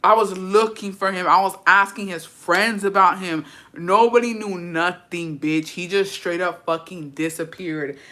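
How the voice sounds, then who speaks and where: A woman's voice: fairly low pitch, unhurried, fairly bright tone. A young adult woman telling a story in a casual vlog chat, brash and profane, dramatic, and dropping in Spanish phrases. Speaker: vlogger.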